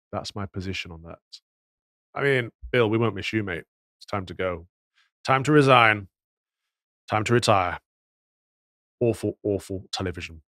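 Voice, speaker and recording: A man's voice: fairly low pitch, fairly bright tone, dry recording. A man giving indignant, moralizing commentary on news clips, full of rhetorical questions. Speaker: podcast commentator.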